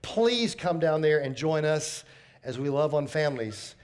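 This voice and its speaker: A man's voice: a little high, expressive, measured pace, a little mellow. A man preaching a sermon as pastor, folksy and emphatic, repeating his key phrases.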